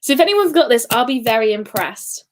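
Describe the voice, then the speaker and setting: A woman's voice: a little high, sing-song, fairly quick, slight background noise. A woman hosting a casual live-stream quiz, chatty and giggly, sometimes singing short snippets. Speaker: quiz host.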